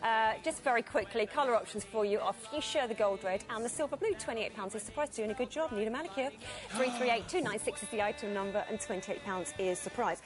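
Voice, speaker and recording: A woman presenting on a shopping channel, bubbly and quick, reading out prices and item numbers. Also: on the high side, music in the background.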